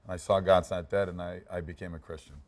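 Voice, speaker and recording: Low-voiced man telling stories. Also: fast. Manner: relaxed anecdotes, frequent repeats and stammered restarts. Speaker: actor guest. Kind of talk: casual storytelling interview.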